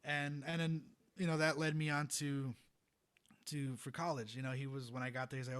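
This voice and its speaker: A young adult man, a trumpet player, telling a story as a podcast guest in a rambling, animated way, laughing often and filling with "you know". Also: mid-range voice, normal speed, smooth. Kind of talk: casual storytelling in a podcast interview.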